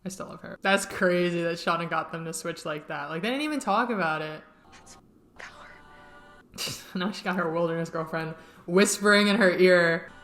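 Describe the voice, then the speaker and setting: A young woman giving casual commentary while reacting to a TV episode, chatty and excitable, laughing often and saying "like" a lot. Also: fairly low pitch, normal speed. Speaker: TV reaction vlogger. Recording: roomy echo.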